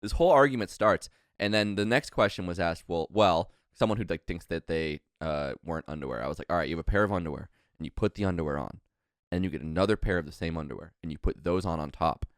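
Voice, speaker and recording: A man's voice: low-pitched, fast, no echo, clean studio sound. A young man telling a long story on a casual podcast, rambling and restarting often. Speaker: podcast co-host.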